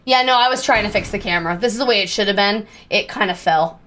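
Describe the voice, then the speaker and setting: A young woman streaming live, chatting casually with viewers in a bubbly, self-deprecating way and breaking into squeaky exclamations. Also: fast, fairly bright tone, slight background noise.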